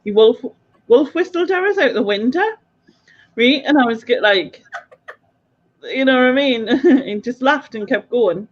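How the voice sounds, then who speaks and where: A woman's voice: on the high side, expressive, measured pace, pauses often. A woman hosting a casual chat and telling a rambling story about her youth. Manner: chatty, rambling, laughs while talking. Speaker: channel host. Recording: dull lo-fi audio.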